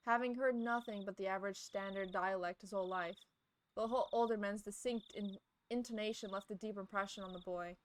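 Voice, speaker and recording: A woman's voice: medium pitch, steady tone, brisk, a little hiss or hum. A playful, giggly young woman streaming, reading a visual novel aloud and chatting with viewers.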